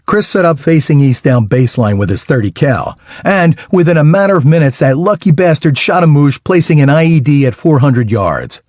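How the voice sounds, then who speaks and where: A man narrating a first-person audiobook in a wry, lively storytelling manner with dry humor. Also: a little high, moderate pace, hardly any pauses, no echo.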